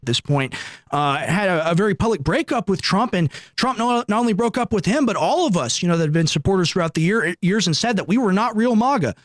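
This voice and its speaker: A man's voice: high voice, animated, brisk, no room sound, studio quality. A man arguing indignantly in a political talk show discussion. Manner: indignant, argumentative.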